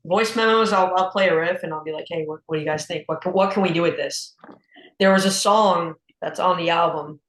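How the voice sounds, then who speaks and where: A man's voice: a little high, brisk. Casting: teen boy guitarist, laid-back interview guest, echoey room. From United States. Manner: relaxed, chatty, with repeated restarts. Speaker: young blues guitarist, guest. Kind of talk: casual interview chat.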